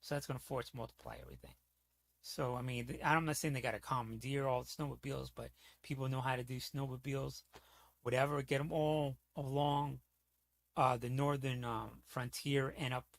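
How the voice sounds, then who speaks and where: Man, gravelly voice, dry close mic, heated profane livestream rant, rambling. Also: mid-range voice, no room sound. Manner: heated, profane, rambling, repeats "you know what I'm saying". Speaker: streamer.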